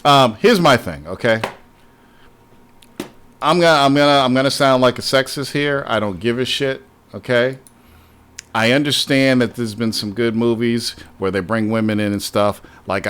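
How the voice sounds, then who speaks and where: A man's voice: mid-range voice, normal speed, fairly bright tone, a little hiss or hum. Blunt, cursing podcast host, man. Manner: blunt, profane, argumentative. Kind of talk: casual podcast banter.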